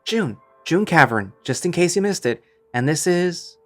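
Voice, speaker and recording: A man voicing a cheerful, bubbly young female ship stewardess in a high, chirpy voice, over faint music. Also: lively intonation, unhurried, fairly bright tone.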